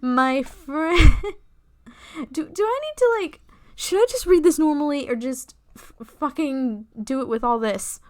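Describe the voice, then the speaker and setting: A woman's voice: sits high, animated, takes it slowly. A woman giving giggly, rambling commentary as she plays a dating game and reads its text aloud, swearing often. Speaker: game streamer.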